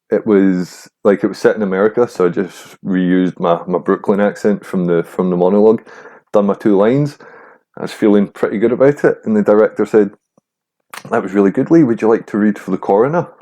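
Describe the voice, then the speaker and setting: A young man tells his story on his own podcast, relaxed and frank, swearing freely as he goes. His voice sits low and sounds warm and mellow. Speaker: podcast host. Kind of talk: casual storytelling monologue.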